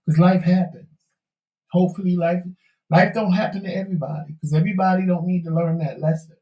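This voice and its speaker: A man's voice: high voice, steady tone, fairly quick, mellow, roomy sound, recorded from a distance, rough recording. A man co-hosting a talk show, telling a candid life story in an emphatic, preachy way. He is losing his voice. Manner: preachy, emphatic, folksy Southern-tinged slang.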